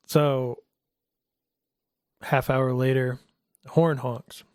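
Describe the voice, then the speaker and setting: A middle-aged man telling a personal faith story in a casual talk, animated and acting out the voices of the people in it. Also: moderate pace, no echo, clean studio sound. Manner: animated, acts out quoted voices in a higher pitch. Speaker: guest telling his testimony.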